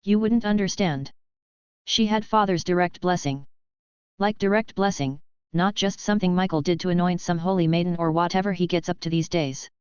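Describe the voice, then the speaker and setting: A woman voicing a sardonic, weary male fallen angel leader in a dry, deadpan way. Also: lowish voice, moderate pace, clean tone, no echo, close to an everyday voice. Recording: dull lo-fi audio.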